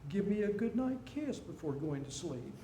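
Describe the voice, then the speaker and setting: A man voicing a tearful elderly wife, soft and plaintive. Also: high voice, big pitch swings, moderate pace, echoey room, a little hiss or hum, low-quality recording.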